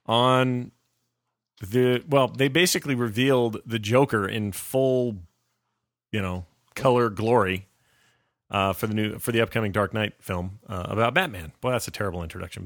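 A man's voice: mid-range voice, fairly bright tone, no echo, studio quality. A man hosting a casual podcast, joking, laughing often and rambling through asides. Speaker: podcast host.

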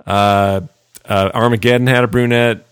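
A man's voice: fairly low pitch, fairly even intonation, normal speed, smooth, dry recording. A man hosting a casual podcast, bantering and laughing, irritated by small things. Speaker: podcast host. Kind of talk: casual chat.

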